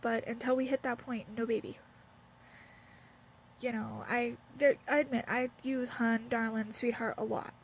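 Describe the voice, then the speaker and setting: A woman's voice: a little high, flat delivery, moderate pace, a little hiss or hum, rough recording. A young woman with a Southern US accent, venting bluntly to camera at home, rambling with lots of fillers. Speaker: vlogger. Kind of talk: candid casual rant to camera. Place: at home, wrapped in a blanket.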